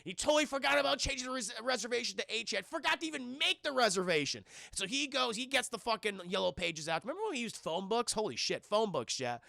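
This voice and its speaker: Gravelly, bright-voiced man recapping a film. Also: very high-pitched, big pitch swings, quick pace, hardly any pauses, no room sound, studio quality. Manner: profane, rambling, keeps addressing the chat. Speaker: film reviewer streaming to live chat. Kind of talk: casual scene-by-scene film recap.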